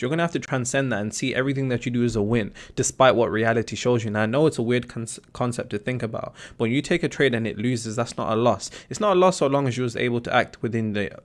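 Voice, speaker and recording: Blunt West Midlands man on a livestream. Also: mid-range voice. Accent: West Midlands English. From West Midlands, England. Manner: blunt, slangy, swears casually. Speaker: livestream host answering chat. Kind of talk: casual livestream chat.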